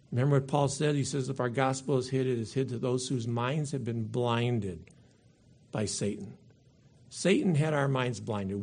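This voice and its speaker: A man's voice: on the high side, a little mellow. A man preaching a sermon, reading scripture aloud and then stressing his points emphatically, repeating them for weight.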